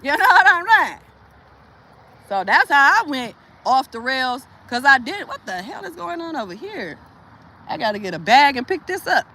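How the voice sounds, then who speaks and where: A woman's voice: high-pitched, very animated, normal speed, sharp tone. A woman vlogger venting in a casual, profane monologue, laughing often, with speech.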